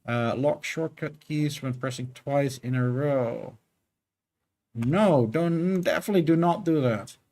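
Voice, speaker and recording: A man's voice: on the high side, a little slow, darkish tone. A man streaming his game development work, chatting casually and thinking aloud with many fillers. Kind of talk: casual live coding stream.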